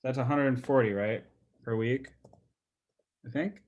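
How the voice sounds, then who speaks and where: A man's voice: mid-range voice, unhurried, darkish tone. Chatty male sales coach, full of fillers. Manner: loose and chatty, with many fillers and repeated words. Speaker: real estate sales coach. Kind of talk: casual coaching on a group video call.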